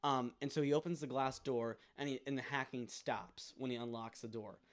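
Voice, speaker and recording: A young man tells a long, winding story on a casual podcast. He fills his talk with ums and likes and keeps circling back. His voice sits in an ordinary middle pitch. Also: fairly even intonation, normal speed. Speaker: podcast co-host. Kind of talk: casual chat.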